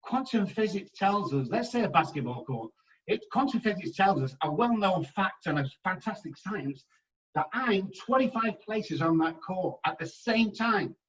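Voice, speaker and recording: A man speaking as a guest on a podcast interview, telling emphatic, animated anecdotes about how words shape the mind. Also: high voice, moderate pace. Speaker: guest addiction specialist. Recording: slightly dull, distant mic.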